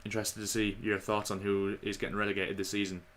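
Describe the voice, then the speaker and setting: A man giving casual, opinionated football commentary to his viewers, slightly hoarse. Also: fairly low pitch, completely flat delivery, quick pace, a bit bright, a little hiss or hum. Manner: chatty, opinionated, addresses viewers as lads. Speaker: football vlogger.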